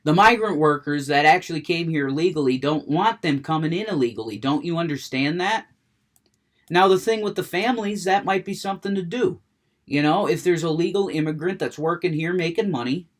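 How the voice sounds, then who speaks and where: A man ranting with heavy cursing, getting worked up, then chatting about a video game he is playing. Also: a little high. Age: adult, smoker. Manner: profane, ranting, gets worked up, curses a lot. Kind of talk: unfiltered rant and gameplay chat.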